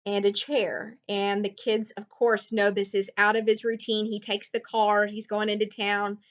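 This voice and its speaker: A woman's voice: medium pitch, fairly bright tone. Woman casually recapping a novel for students. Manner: conversational, recaps with frequent fillers.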